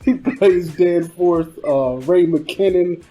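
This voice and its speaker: A man's voice: high-pitched, slow, mellow, rough recording. A man hosting a film podcast in a casual, laid-back chat, often tossing in "man". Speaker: podcast host.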